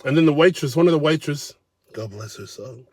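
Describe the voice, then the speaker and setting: A man's voice: fairly high pitch, expressive, fairly quick, darkish tone, no room sound. A man telling a casual, profane story in a blunt, conversational way.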